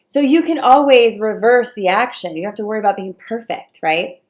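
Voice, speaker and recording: A woman coaching viewers on relationships in a casual talk, animated and acting out the voices of clients and fears. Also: medium pitch, fairly quick, few pauses. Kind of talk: casual direct-to-camera advice talk.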